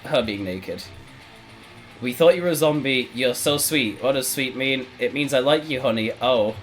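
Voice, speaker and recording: A man streaming a text adventure game, reading it aloud and reacting with sudden loud outbursts. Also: mid-range voice, normal speed. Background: faint background music.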